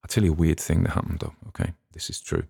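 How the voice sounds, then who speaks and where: A man hosts his own show in a loose, rambling way. His voice sits very low with a gravelly rasp, and he often trails off and restarts his sentences. The recording is dry and close, with no room echo. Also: steady tone, fast talker, warm tone. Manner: chatty, musing, with many restarts. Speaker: podcast host. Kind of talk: casual rambling commentary.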